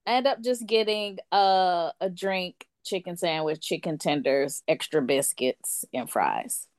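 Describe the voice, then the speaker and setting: Animated woman telling a story, dry sound. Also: fairly low pitch, a little slow, dry recording. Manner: lively, acts out other people's lines in playful voices. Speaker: guest storyteller. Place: lives in France.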